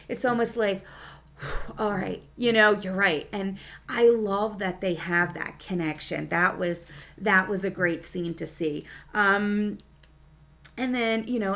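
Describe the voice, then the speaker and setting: A woman's voice: mid-range voice, fairly bright tone. A woman casually recapping and reviewing a TV episode in a chatty, enthusiastic way, with many fillers. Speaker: TV series reviewer.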